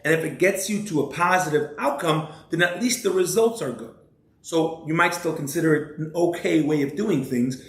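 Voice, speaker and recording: Brief: male rabbi teaching, measured, slightly raised pitch, echoey room. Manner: measured, asks rhetorical questions. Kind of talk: religious lecture. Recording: roomy echo.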